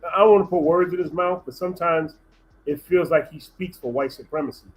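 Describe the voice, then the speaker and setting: A man's voice: on the high side, steady tone, brisk, poor audio. A man on a livestream panel, voicing opinions hesitantly with frequent restarts. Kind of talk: casual discussion.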